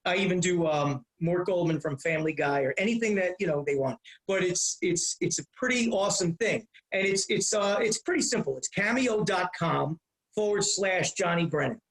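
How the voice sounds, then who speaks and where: A man in his fifties, a comedian guest telling rambling, animated stories in a casual interview. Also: high voice, moderate pace, reverberant, rough recording.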